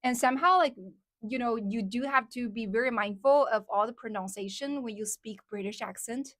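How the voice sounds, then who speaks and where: A woman's voice: a little high, normal speed, fairly bright tone, no room sound, clean studio sound. A woman whose first language is Chinese, hosting a casual livestream and chatting with viewers, with lots of "like" and "um" fillers. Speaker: livestream host.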